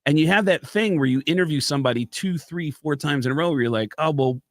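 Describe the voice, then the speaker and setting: A man's voice: on the high side, fast, dry recording, studio quality. A man, a stand-up comedian, telling stories on a talk show in casual chat and acting out the lines of the people he quotes. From United States. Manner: animated storyteller who acts out quotes. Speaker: guest, stand-up comedian and impressionist.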